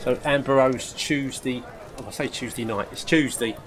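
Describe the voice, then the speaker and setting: A man's voice: medium pitch, steady tone, moderate pace, a bit bright. A man hosting a live stream in a casual, rambling way, chatting with his viewers, calling them mate and often losing his thread. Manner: forgetful, loses his thread.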